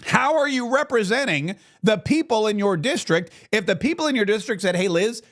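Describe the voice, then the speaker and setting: A man's voice: sits high, expressive, normal speed, a bit bright. A man hosting a talk show, opinionated and mocking, fumbling with clips on air. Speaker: radio talk show host.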